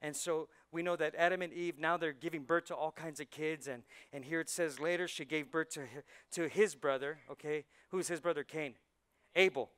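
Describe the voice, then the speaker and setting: Animated preaching man, clear voice. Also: on the high side, brisk, hardly any pauses. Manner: swings from hushed intensity to loud preaching; drops Spanish words into English. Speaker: pastor. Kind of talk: sermon. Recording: church sermon on a live mic.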